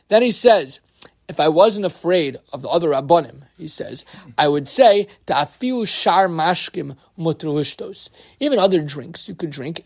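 A man teaching a Torah class as a rabbi, reading Hebrew sources aloud and translating them line by line, and putting questions to his listeners. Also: high voice. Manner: lively, asks the listeners questions.

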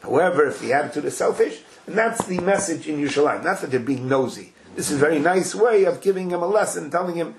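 A man with a somewhat high, gravelly voice leads a Talmud class. He is animated, acts out the quoted dialogue, and weaves Hebrew and Yiddish terms into his English. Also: fast, hardly any pauses, a little hiss or hum. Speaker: Torah class teacher.

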